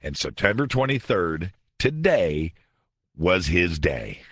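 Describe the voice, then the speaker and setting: Deep, animated radio host. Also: male voice, slow pace, slightly rough, dry recording, studio quality. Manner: sarcastic, conversational, animated. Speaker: radio talk show host. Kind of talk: late-night radio monologue. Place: radio studio.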